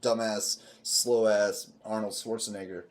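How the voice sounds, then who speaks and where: A man's voice: lowish voice, little pitch movement, measured pace. A man co-hosting a podcast in casual chat, emphatic and profane as he riffs on movies. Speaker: podcast co-host.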